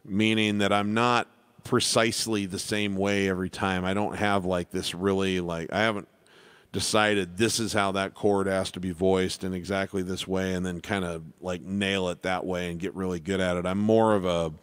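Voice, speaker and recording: Casting: relaxed male piano teacher, low smooth voice, rambling live Q&A. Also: normal speed, dry recording. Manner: relaxed, rambling, self-deprecating with many restarts. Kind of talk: casual live Q&A lesson.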